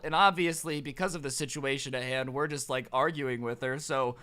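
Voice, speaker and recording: A man's voice: a little high, moderate pace, few pauses, clear, resonant tone. Sarcastic young man telling a story. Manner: sarcastic, animated. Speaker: storytime vlogger. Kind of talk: casual storytelling.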